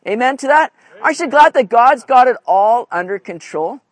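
A man's voice: very high-pitched, lively intonation, moderate pace, dry recording. A man preaching a conversational sermon, often checking in with his listeners. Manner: conversational, asks "right?" often. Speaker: pastor.

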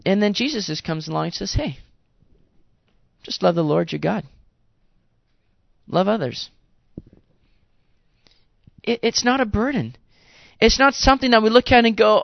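A man preaching a sermon in a conversational, animated way, with playful asides to the congregation. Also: sits high, a little slow, creaky, long pauses, no echo, dull audio. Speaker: pastor.

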